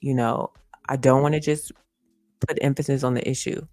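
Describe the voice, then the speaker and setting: A woman's voice: extremely low pitch, fairly even intonation, moderate pace, a little mellow, no room sound, faint music behind. A woman hosting a casual commentary livestream, earnest and repeating her points with lots of "you know" fillers. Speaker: host. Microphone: streaming setup.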